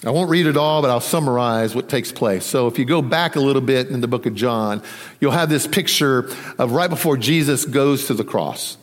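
A man preaching a sermon, conversational and animated, acting out the voices in the story. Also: medium pitch, moderate pace, long reverb tail. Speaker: pastor.

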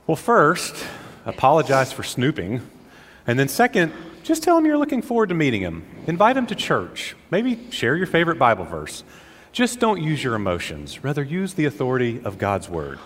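A man's voice: medium pitch, normal speed, long reverb tail, a little hiss or hum. An actor playing an upbeat, encouraging churchgoing father in a church skit. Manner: encouraging, animated.

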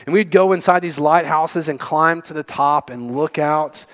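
A man preaching a sermon as pastor, emphatic and sometimes dropping to a hush. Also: fairly high pitch, normal speed. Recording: long hall reverb.

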